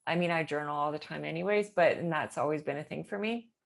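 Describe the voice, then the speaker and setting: A woman's voice: deep voice, quick pace, vocal fry. A woman chatting casually in a rambling way, with many fillers and nervous laughter. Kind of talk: casual chat.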